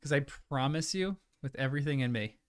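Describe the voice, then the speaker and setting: A man's voice: medium pitch, a little fast, smooth, no room sound, studio quality. A man hosting a livestream, chatting loosely and apologetically with his viewers, sometimes talking through a mouthful of food. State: chewing food at times. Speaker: livestream host. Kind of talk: casual chat with live viewers.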